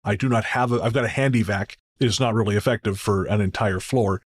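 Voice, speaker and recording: A man's voice: fairly low pitch, fast, slightly rough. A man hosting a podcast in a casual, joking, storytelling way. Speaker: podcast host.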